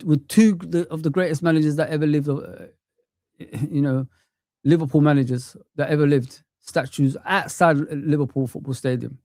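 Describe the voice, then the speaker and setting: A man's voice: on the high side, darkish tone, no echo, clean studio sound. A man in his thirties or forties ranting with passion on a live football watch-along stream, sweary and peppering his talk with "man". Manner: impassioned ranting, sweary, frequent "man" tags.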